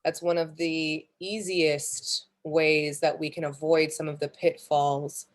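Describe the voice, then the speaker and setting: A woman moderating a session, speaking in a measured, thoughtful way. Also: low-pitched, flat delivery. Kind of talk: reflective discussion.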